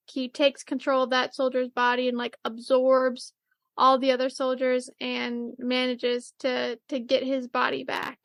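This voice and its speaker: A woman co-hosting a podcast, recapping an anime episode in casual chat, rambling with lots of fillers and quick acted-out quotes. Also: high-pitched, no echo, studio quality. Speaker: podcast co-host.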